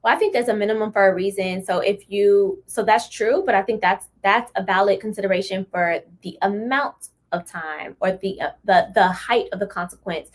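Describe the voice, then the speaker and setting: A woman's voice: medium pitch, moderate pace, few pauses. A young woman co-hosting a podcast, talking in a blunt, emphatic, slangy way. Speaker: podcast co-host. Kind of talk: casual chat.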